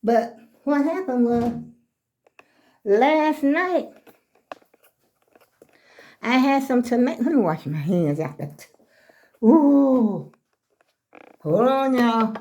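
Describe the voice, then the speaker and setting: Chatty older woman, mellow voice. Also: fairly high pitch, expressive, takes it slowly, pauses often, dull audio. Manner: chatty, rambling, talks straight to viewers as "y'all". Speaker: vlogger. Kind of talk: casual phone vlog. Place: small room at home. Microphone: phone.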